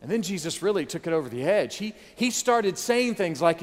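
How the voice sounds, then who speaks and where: A man preaching a sermon, acting out what the crowd thought in lively, rising voices. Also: fairly quick, few pauses, big-room sound. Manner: animated preaching, acts out crowd voices with rising pitch and volume. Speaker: pastor.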